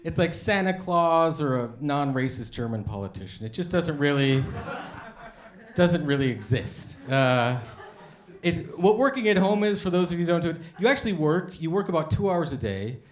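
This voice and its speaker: American male stand-up comic, a touch high-voiced, chatty storyteller who does voices, echoey room. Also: lively intonation, normal speed. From United States. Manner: conversational storytelling with acted-out voices. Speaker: stand-up comedian. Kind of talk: stand-up comedy set. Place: café stage with a live audience. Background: audience laughter.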